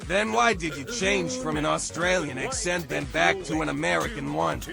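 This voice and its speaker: Sarcastic gravelly man teasing. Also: a little high, normal speed, music in the background. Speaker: podcast co-host. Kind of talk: comedic banter.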